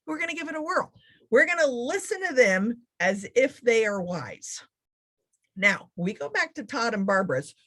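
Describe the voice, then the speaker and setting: A woman giving a motivational keynote talk, speaking in a sarcastic, funny, animated way. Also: a little high, moderate pace.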